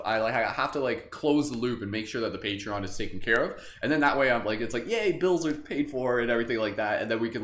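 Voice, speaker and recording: His voice is medium in pitch and a bit bright. Streaming live from a webcam setup in a room with echo and faint ambience, he leads a guided meditation, chats easily with viewers, uses plenty of fillers and chuckles a lot.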